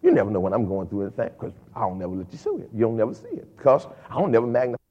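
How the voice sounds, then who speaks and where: A man a sermon as pastor, lively and emphatic, with frequent repeated words and casual dialect. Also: fairly low pitch, racing, husky. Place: church sanctuary. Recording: dull lo-fi recording with long hall reverb.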